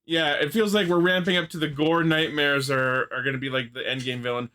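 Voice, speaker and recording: A man's voice: a little high, fairly even intonation, a little fast, pushed and bright. A man co-hosting a casual fan podcast, recapping episode plot in detail with enthusiasm and casual swearing. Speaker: podcast co-host.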